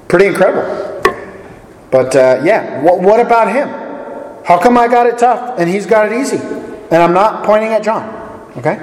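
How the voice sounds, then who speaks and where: A man's voice: fairly high pitch, a little hiss or hum. A man leading a casual Bible study, chatty and joking as he puts questions to the group. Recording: echoey hall with long reverb.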